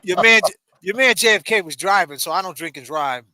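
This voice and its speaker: A man's voice: sits high, a little fast, crowd noise. A man hosting a livestream, telling stories in casual chat and acting out friends' voices. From Massachusetts. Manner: animated, acts out friends' voices. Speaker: livestream host.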